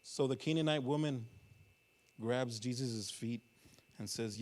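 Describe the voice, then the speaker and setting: A man preaching a sermon in a church. He tells the story with sudden swings between loud and hushed passages and puts questions to the congregation. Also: medium pitch, a little slow, long pauses. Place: church sanctuary.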